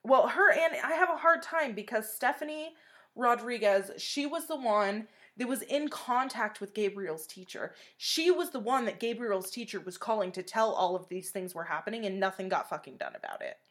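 A woman co-hosting a true-crime podcast in casual chat, animated and swearing often as she recounts details of a case. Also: on the high side, normal speed. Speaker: podcast co-host.

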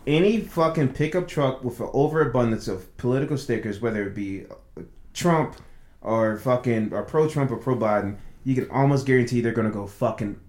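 A man's voice: medium pitch, fairly quick, a little mellow, reverberant. A man co-hosting a podcast, telling profane, laughing anecdotes in casual chat. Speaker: podcast co-host.

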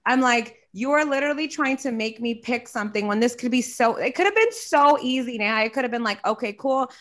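A young woman in casual chat, telling a story with animated quoting and frequent swearing. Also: a little high.

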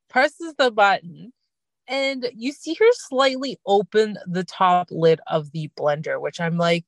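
A woman hosting a podcast, talking in a chatty, casual way from inside her car and breaking into quick impressions of the people she describes. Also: on the low side, no room sound. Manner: chatty, animated, mimics people in quick asides. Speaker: podcast host recapping reality TV. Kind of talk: casual recap chat.

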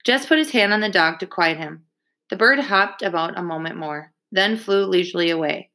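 Female audiobook reader, steady and measured, with a low, forceful voice. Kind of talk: audiobook reading.

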